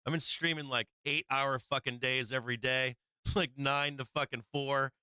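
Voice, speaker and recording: A man hosts a live trading stream in a medium-pitched, clear, resonant voice with a sharp tone, fairly even intonation, moderate pace, and no echo. He talks casually and profanely through charts, chatty and laughing as he watches them, though his voice sounds strained and tiring.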